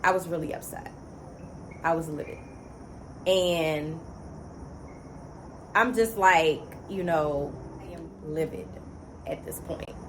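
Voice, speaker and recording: A woman's voice: low voice, slow pace, long pauses, background noise. A woman vlogger, a single mother, recounting a personal story in an emotional, emphatic, conversational way. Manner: emotional, emphatic, repeats words for stress; conversational, many "you know" fillers.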